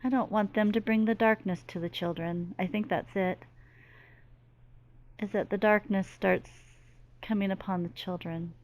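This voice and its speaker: A woman's voice: medium pitch, fairly even intonation, normal speed, lo-fi sound. A middle-aged woman speaking as a medium in a channeling monologue, earnest and emphatic, with lots of repetition. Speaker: spiritual medium.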